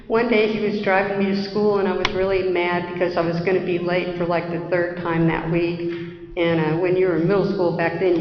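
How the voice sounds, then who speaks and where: A woman's voice: lowish voice, slight background noise. A middle-aged woman sharing her recovery story at a conference, candid and self-deprecating. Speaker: AA speaker. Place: conference hall. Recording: roomy, dull conference hall recording.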